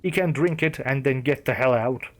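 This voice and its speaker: A furious old trickster who cannot stand to lose, as a male narrator puts him on. He snarls and growls every threat through clenched teeth. The voice sits at an ordinary middle pitch for a man. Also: moderate pace, close to an everyday voice. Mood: growling.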